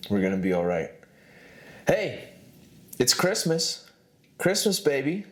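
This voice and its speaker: Rambling man, swinging pitch, laughing. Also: very animated, takes it slowly, pauses often. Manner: rambling, joking, laughs at himself. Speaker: podcast host. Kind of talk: rambling comedic monologue.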